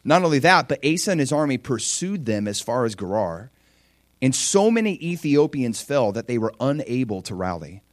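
A man preaching a sermon, lively, acting out prayers and quotes. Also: mid-range voice, normal speed, no room sound, studio quality. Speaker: pastor.

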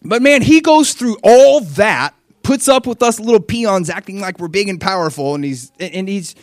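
A young adult man preaching a sermon with animated storytelling, acting out the voices of people in his stories. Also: high-pitched, moderate pace, no room sound, clean studio sound.

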